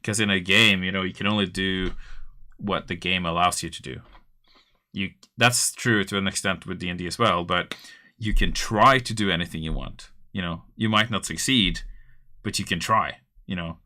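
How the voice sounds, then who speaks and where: Deep-voiced man in a bright, rambling chat. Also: moderate pace. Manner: rambling, loose, many fillers. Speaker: host. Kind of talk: casual chat.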